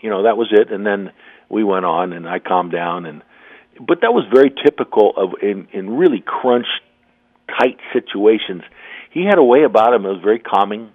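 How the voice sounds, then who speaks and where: An older man, a former coach, telling a story as a guest over the phone, rambling with many restarts and throat clearing. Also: lowish voice. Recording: tinny phone line.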